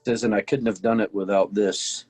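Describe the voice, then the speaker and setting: A man's voice: on the low side, fairly even intonation, moderate pace, a little mellow, soft background music, low-quality recording. A man playing a tabletop role-playing game, narrating his character's actions in the third person. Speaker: player.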